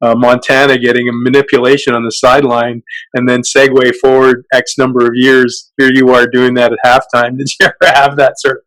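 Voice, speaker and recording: A man's voice: medium pitch, flat delivery, fairly quick, a bit bright, no echo, rough recording. A man hosting an interview, asking reflective questions with a few fillers. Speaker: podcast host. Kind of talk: casual interview.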